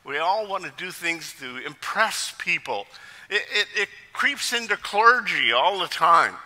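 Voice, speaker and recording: A male pastor preaches a sermon, with lively storytelling and jokes. His voice is very bright and forceful and rises and falls a great deal. A long reverb hangs in the church sanctuary. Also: sits high, measured pace.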